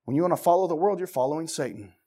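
High, animated male preacher. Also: very fast. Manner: impassioned, rhetorical questions; shouts at peaks, drops to hushed tones. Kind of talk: sermon.

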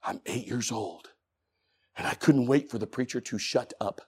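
A man preaching a sermon, telling a story with animation and swinging from hushed tones up to shouting. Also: medium pitch, moderate pace, husky.

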